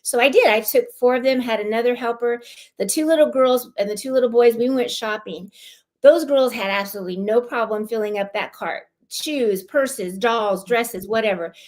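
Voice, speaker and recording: A woman's voice: fairly high pitch, normal speed, darkish tone. Heartfelt woman telling her story. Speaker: guest, club lieutenant governor. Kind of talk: telling a personal story in a live-streamed interview.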